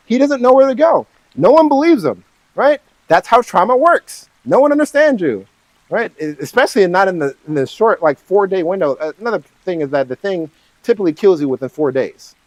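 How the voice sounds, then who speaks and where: A man's voice: high voice, no echo, low-quality recording. A man talking casually on his own about a horror film, rambling and often checking in with "right?". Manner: animated, swings between eager and hushed. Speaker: channel host.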